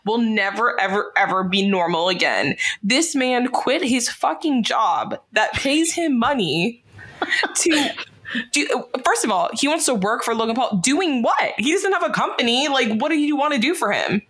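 A woman's voice: on the high side, expressive, normal speed, fairly bright tone. A young woman hosting a podcast, ranting bluntly and swearing in casual chat. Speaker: podcast host.

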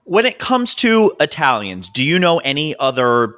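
A man co-hosting a casual podcast chat, telling stories in an animated, joking way. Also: a little high, normal speed. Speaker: podcast co-host.

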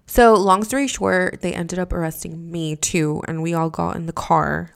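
A young woman from Mexico tells a story on her podcast in a low, gravelly voice full of vocal fry. She sounds exasperated and swears freely, rambling through fillers and sometimes sinking into a whisper. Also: steady tone, normal speed, hardly any pauses. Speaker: podcast host. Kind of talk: casual storytelling.

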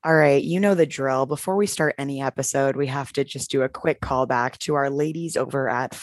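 A young woman from California co-hosting a podcast in casual chat, bubbly and laughing often, with a croaky voice on a corded headphone mic. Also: rumbling low, brisk, no room sound, studio quality. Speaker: podcast co-host.

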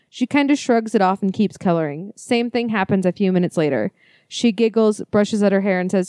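A woman co-hosting a podcast, chatting casually and reading listener ghost stories aloud with quick, laughing, profane asides. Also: medium pitch, darkish tone, no room sound, clean studio sound. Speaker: podcast co-host.

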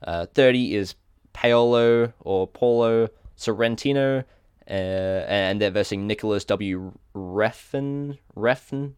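A man's voice: fairly low pitch, slow, a little mellow, clean tone, dry recording. A man with an Australian accent co-hosting a casual podcast, reading out a list and stumbling over hard names with small self-corrections. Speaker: podcast co-host.

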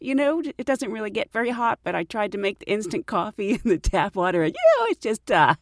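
A woman hosting a casual chat, telling stories in an animated way and laughing often. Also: medium pitch, a little fast, no echo, clean studio sound. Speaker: podcast host.

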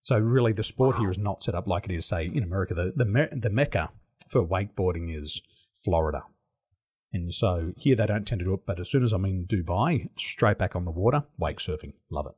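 A middle-aged Australian man telling stories as an interview guest, animated and laughing often. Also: sits low, brisk, slightly rough. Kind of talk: casual interview storytelling.

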